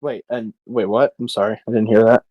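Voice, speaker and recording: A man's voice: lowish voice, steady tone, a little fast, dull audio. A man playing a tabletop game, talking hesitantly and swearing when things go wrong. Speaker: player. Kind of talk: tabletop role-play chat.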